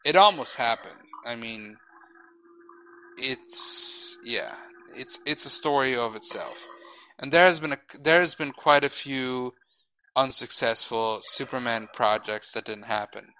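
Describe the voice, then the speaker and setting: A man hosting a casual podcast rambles with strong views, frequent restarts, and the odd swear word. His medium-pitched voice has a sharp tone and a measured pace, and the rough recording has a little hiss or hum.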